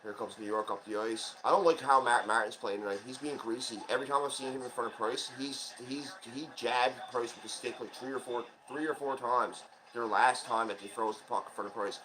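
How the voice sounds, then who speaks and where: A man hosting a casual live watch-along of a hockey game, calling the plays in quick excited bursts and chatting like a rooting fan. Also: medium pitch, low-quality recording. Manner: chatty asides, admits small slips. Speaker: channel host, fan commentator.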